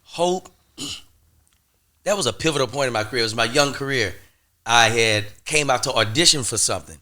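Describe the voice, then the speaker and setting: Bright-voiced man telling an animated story. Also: mid-range voice, fairly quick. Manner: lively, acts out both sides of phone calls. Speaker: podcast host.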